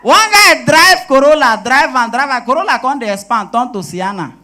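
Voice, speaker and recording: A young man with a Nigerian accent doing stand-up comedy in Pidgin, animated and switching voices for his characters. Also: extremely high pitch, moderate pace. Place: live comedy show stage.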